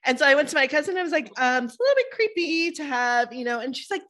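Woman podcast host, lively storyteller, slightly high pitch. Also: fast. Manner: animated storyteller, laughs often, many fillers. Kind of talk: casual chat.

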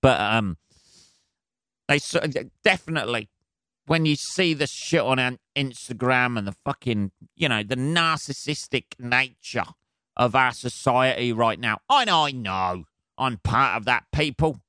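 A man's voice: medium pitch, lively intonation, a little slow, pushed and bright, no room sound, studio quality. A man hosting his own podcast, ranting alone in a sarcastic, rambling, heavily swearing way. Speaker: podcast host. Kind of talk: solo comedic rant.

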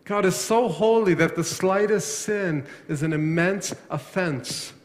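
A man's voice: high-pitched, a little slow. Preaching man in an echoing hall. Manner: asks questions and answers them himself, repeats words when emphatic. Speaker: pastor. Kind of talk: sermon. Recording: long echo of a large hall.

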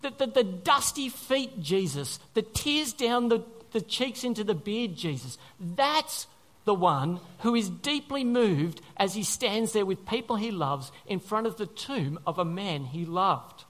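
A man's voice: sits high, animated, unhurried, a bit bright. A man preaching a sermon as pastor, earnest, repeating phrases for emphasis and asking his listeners questions.

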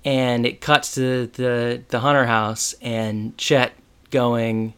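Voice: medium pitch, little pitch movement, takes it slowly, fairly bright tone, clear, resonant tone. A podcast co-host who recaps a TV episode scene by scene in casual, joking chat.

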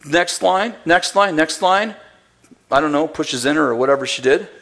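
Pastor telling a lively sermon story. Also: male voice, a little high, normal speed. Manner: animated storytelling with acted-out dialogue and laughter.

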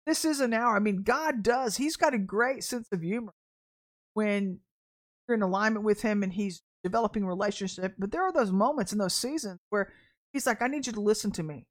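Animated woman preaching a casual sermon. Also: medium pitch. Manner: animated storytelling with laughter and acted quotes. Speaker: podcast preacher.

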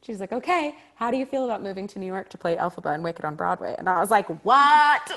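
A woman's voice: medium pitch, rapid-fire. A woman, a stage actor, telling a story in conversation, acting out quoted dialogue with frequent laughter. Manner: animated, acts out quoted dialogue, laughs often.

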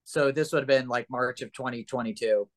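A man who is a guest on a casual chat show, telling stories in a rambling, animated way with swearing and restarts. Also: medium pitch, brisk.

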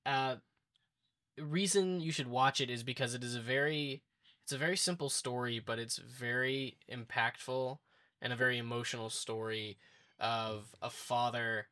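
A man's voice: mid-range voice, sharp tone. A man hosting a casual podcast conversation, talking with many fillers and restarts. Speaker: podcast host.

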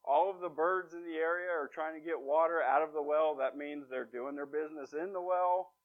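Wry storytelling preacher, lo-fi recording. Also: male voice, on the high side, steady tone, moderate pace. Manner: wry, storytelling, emphatic asides. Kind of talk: conversational sermon. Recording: dull lo-fi recording.

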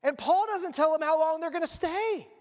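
A man preaching a sermon as pastor, animated and dropping joking asides. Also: very high voice, moderate pace. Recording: long reverb of a large room.

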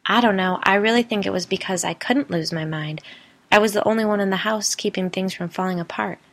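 A woman's voice: mid-range voice, a little fast, a bit bright. Woman reading as a haunted young woman. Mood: weary. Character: haunted young woman recalling her past.

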